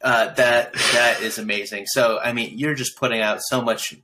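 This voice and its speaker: A man's voice: mid-range voice, fairly even intonation, normal speed, bright, forceful tone, poor audio. A man hosting a podcast, chatting casually with a guest and answering with encouraging remarks. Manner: encouraging, affirming responses. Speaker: podcast host. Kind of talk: casual interview chat. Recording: faint background noise.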